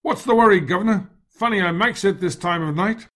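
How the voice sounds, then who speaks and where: A man's voice: high-pitched, brisk, pushed and bright, voice pushed up. A man voicing a cheeky male London cab driver, brash and slangy.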